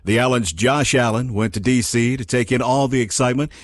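A male news anchor reads scripted items at a measured, formal pace. His mid-range voice sounds close and dry. There is no room sound around him. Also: medium pitch, no room sound.

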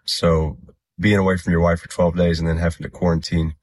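Very deep, flat-voiced man recovering from illness. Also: brisk. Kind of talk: personal video update.

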